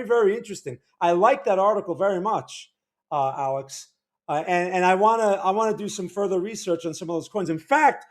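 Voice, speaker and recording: A man hosting a livestream, chatting casually with viewers in a worn, weak voice, rambling and stammering over his words. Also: sits high. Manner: rambling, stammering, repeats words, greets chat viewers loudly. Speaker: livestream host.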